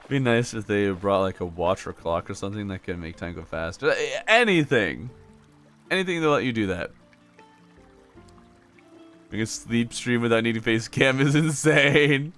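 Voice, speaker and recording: Young man, game streamer, mid pitch, playful banter, faint music behind. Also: very animated, moderate pace, a bit bright. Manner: joking, chatty, replies to chat. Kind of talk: casual live-stream chat.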